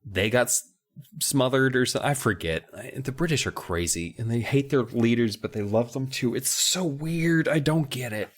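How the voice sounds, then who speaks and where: A man's voice: medium pitch, moderate pace. A man co-hosting a comedy podcast, chatting casually and joking, sometimes stammering as he starts. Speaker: podcast co-host.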